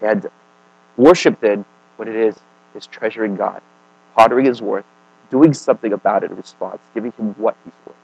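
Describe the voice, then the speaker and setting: A man preaching a sermon in a casual, conversational way, often checking in with "right?" and "okay?", swinging between emphatic and quiet. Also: lowish voice, moderate pace, creaky, long pauses, dry recording, muffled recording.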